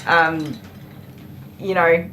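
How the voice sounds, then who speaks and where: Low-voiced woman in an echoey grooming room. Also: fairly even intonation, drawn-out words. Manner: chatty, dry and sarcastic, laughs often, scolds the dog gently. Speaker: dog groomer livestreaming. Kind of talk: casual chat while working. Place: grooming salon indoors. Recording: echoey room with clipper noise. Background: electric clippers buzzing.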